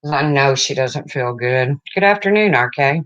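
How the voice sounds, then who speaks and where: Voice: mid-range voice, animated, normal speed, a bit bright, lo-fi sound. Emotional livestream host chatting with viewers. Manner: rambling, greets chat viewers mid-sentence. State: emotional, near tears. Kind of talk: casual livestream chat.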